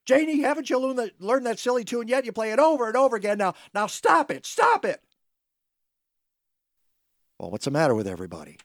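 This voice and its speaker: A man playing a frustrated, desperate young family man in a radio comedy parody, exasperated and shouting. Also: very high-pitched, big pitch swings, fast, few pauses, no echo, voice pushed up, exaggerated voice.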